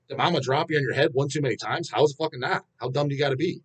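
A man at a middle pitch hosts a casual metal channel, venting bluntly to his viewers. His talk is thick with swearing, restarts and trailing fillers. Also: very fast, hardly any pauses, slightly rough. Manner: profane, blunt, ranting. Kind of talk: casual rant answering viewer questions.

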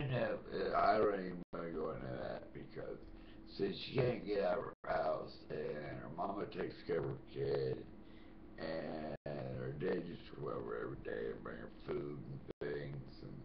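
A deep, gravelly-voiced older man delivers a slow, profane and confrontational vlog rant. His voice rings in an echoey room, and the recording sounds dull and lo-fi. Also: slight background noise. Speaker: vlogger. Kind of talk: angry ranting monologue.

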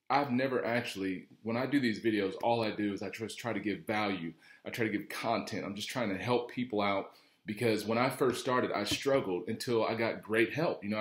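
A man's voice: lowish voice, roomy sound. A man, an automotive sales trainer, talking casually to camera in a rambling storytelling way, acting out what others said.

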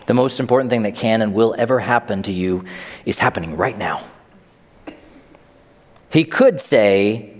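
A lively male pastor delivers a sermon, his pitch swinging widely as he acts out the people he quotes. He sounds middle-aged and conversational. A long reverb from the sanctuary hangs behind every word. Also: normal speed, long pauses. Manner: animated storytelling, acts out quoted voices.

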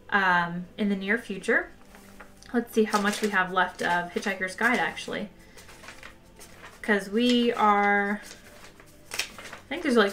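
A woman with a tired voice reading a novel aloud and chatting casually with her listeners. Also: a little high. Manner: chatty, relaxed sign-off. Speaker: audiobook reader.

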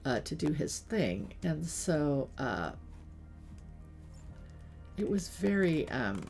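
A middle-aged woman with a low-pitched, slightly gravelly voice tells stories while she plays. Her talk is chatty and loose, broken by quick asides to the game, with faint music playing behind her. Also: big pitch swings, a little mellow. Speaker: streamer. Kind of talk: casual gaming livestream chat.

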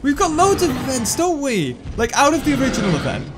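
A man giving excitable gameplay commentary, thinking out loud and breaking into sudden high yelps. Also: fast, noisy background. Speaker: gaming YouTuber. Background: game music.

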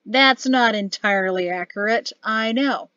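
A hearty old general with a booming, teasing bark, as a woman puts him on. He sits higher than a gruff soldier and pushes his lines out loudly and proudly. The sound is dull and dry, close to the mic. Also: measured pace, no room sound. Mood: jovial. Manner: booming, barking laughter. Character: hearty boastful older male general, teasing.

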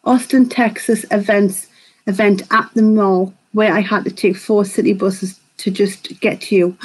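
A woman, chatting quickly while hosting a live makeup tutorial and reading viewer comments aloud. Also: mid-range voice, steady tone, husky, poor audio. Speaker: beauty vlogger hosting a live stream.

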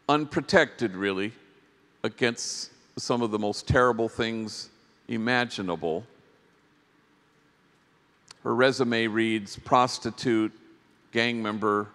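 A priest giving a reflective storytelling talk to a conference audience, unhurried, with long pauses between phrases. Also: male voice, mid-range voice, fairly bright tone. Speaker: priest and speaker. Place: large conference hall. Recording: long reverb of a big hall.

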